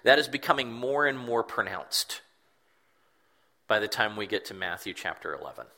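Guy preaching a sermon, reflective, kinda low voice but bright. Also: very animated, moderate pace. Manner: earnest, reflective, repeats words for emphasis. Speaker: pastor.

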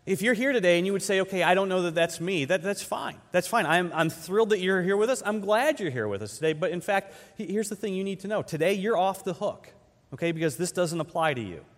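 A man preaching a conversational sermon as pastor, firing off rhetorical questions and dropping from loud emphatic peaks to slow, quiet phrases. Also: high voice, expressive. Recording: long hall reverb.

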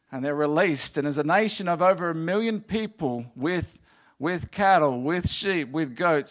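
Earnest man preaching a sermon. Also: a little high. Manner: earnest, repetitive, rising to emphatic passages.

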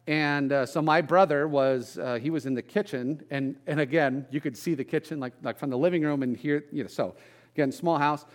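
A middle-aged pastor preaching in a conversational way, mixing scripture with folksy family stories and self-deprecating asides. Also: male voice, on the high side, fairly quick. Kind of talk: conversational sermon.

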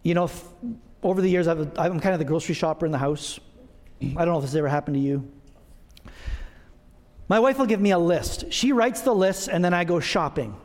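A man in middle age delivers a sermon in a relaxed, conversational way, trading gravity for jokes at his own expense. His voice sits high for a man. The church sanctuary around him adds a long, lingering reverb. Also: a little fast, pauses often. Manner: conversational, self-deprecating humor. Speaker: pastor.

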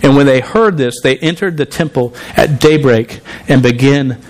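A man's voice: mid-range voice, normal speed. A man preaching a sermon in a conversational way, often restarting and repeating words. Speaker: pastor.

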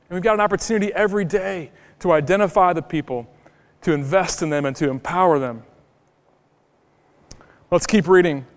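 A man's voice: sits high, clear, resonant tone, big-room sound. A man pastor preaching a sermon in a church, emphatic and full of rhetorical questions.

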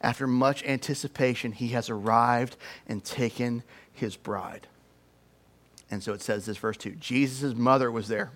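A young man preaching a sermon, telling stories in an animated, joking way and doing playful voices. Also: medium pitch, unhurried. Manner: animated, jokey storytelling with playful put-on voices. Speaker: pastor.

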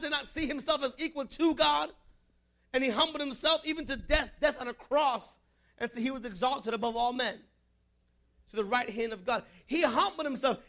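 High, bright-voiced male pastor preaching. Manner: emphatic, rising to shouts then softening for prayer. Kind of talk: sermon.

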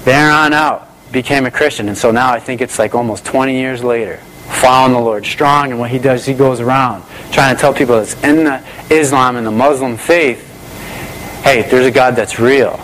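A man's voice: medium pitch, brisk, few pauses, a bit bright, a little hiss or hum, poor audio. A male pastor telling a story in a sermon, enthusiastic and conversational, repeating phrases.

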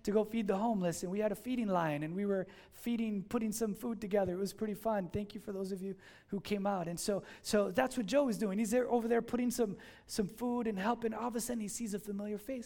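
A male pastor giving a sermon, telling a story with lively voiced dialogue. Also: sits high, quick pace. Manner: animated storytelling, acting out dialogue.

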